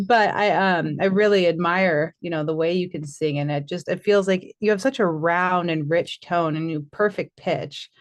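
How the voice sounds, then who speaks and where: A woman's voice: lowish voice, normal speed, hardly any pauses. A woman hosting a radio interview, chatty and leaning on fillers. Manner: chatty, leans on "you know" and "like". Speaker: radio show host. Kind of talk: interview host.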